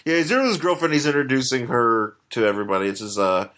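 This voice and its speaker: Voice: fast talker, fairly bright tone. A co-host of a casual comic book podcast, joking loosely and chiming in with playful impressions. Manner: loose, joking, swings pitch widely in mock quotes.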